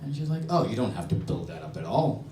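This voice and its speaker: A man's voice: fairly low pitch, big pitch swings, quick pace, mellow, distant mic, a little hiss or hum. A man in his thirties performing a stand-up set, animatedly acting out both sides of his conversations. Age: 30s. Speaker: stand-up comedian. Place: comedy club stage. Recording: roomy, from off-mic, faint crowd. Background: audience laughter.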